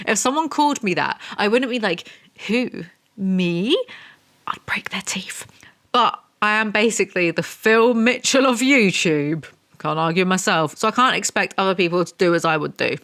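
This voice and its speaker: A woman's voice: mid-range voice, lively intonation, brisk, fairly bright tone. A woman giving a comedic book review, sarcastic and exasperated, with rambling asides.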